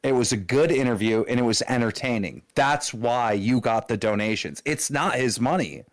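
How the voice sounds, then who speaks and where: A man calling into a livestream over an online voice call, making his point in a measured, reasoning way. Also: mid-range voice, dry recording. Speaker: caller on stream. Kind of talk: casual call chat.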